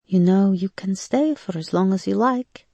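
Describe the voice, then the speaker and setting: A woman doing a gentle comforting sister. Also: mid-range voice, normal speed, no echo, voice pushed up, lightly acted. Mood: soothing. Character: warm comforting Slovak younger sister, woman.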